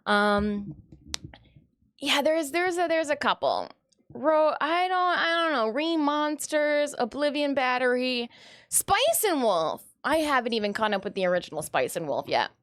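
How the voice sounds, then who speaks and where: A high-pitched woman from Michigan hosts a casual live stream, her voice swooping up and down as she talks. She rambles through viewer comments, giggling often. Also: very animated, measured pace, a bit bright. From Michigan, USA.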